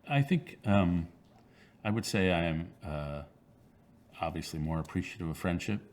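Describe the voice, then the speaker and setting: Very deep-voiced thoughtful man in his 60s. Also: a little mellow. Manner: thoughtful, halting, with frequent fillers and restarts. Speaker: author being interviewed. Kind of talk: reflective interview answers.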